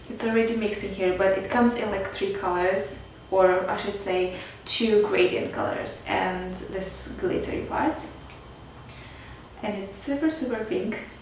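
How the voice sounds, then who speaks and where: A woman vlogger chatting casually through a makeup tutorial, filling her talk with "like" and "kinda". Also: medium pitch. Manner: chatty, filler-heavy with frequent "like" and "kinda". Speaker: beauty vlogger. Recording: very echoey room, mic at a distance, faint background noise.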